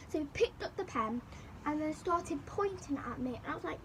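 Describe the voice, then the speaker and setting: High-voiced girl telling a rambling story. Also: normal speed, noisy background. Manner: rambling, animated retelling with repeated phrases. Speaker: vlogger. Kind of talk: storytime chat.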